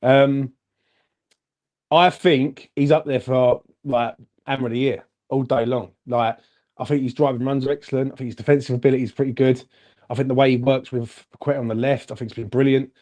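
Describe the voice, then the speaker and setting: A man co-hosting a casual football fan chat, animated and chatty, calling everyone "mate". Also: mid-range voice, brisk. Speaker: fan channel co-host.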